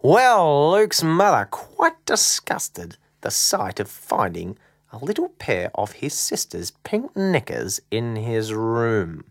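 A woman telling a children's story in a slow, playful, very expressive way. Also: a bass voice.

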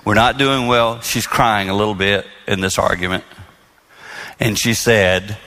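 A man's voice: fairly low pitch, steady tone, unhurried, sharp tone, big-room sound. A middle-aged man preaching on marriage, telling stories with self-deprecating humor that turn earnest. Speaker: marriage speaker and minister. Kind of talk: storytelling sermon.

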